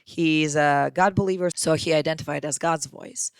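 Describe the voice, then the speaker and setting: A woman's voice: low-pitched, fairly even intonation, normal speed, smooth, dry recording. A woman hosting a podcast, giving an emphatic motivational monologue and speaking straight to the listener as her friend. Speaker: podcast host.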